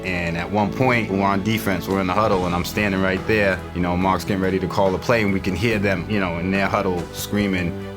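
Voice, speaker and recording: A man who played alongside the subject, telling an animated story in a documentary interview. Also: deep voice, a little fast, hardly any pauses, music in the background. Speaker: former teammate.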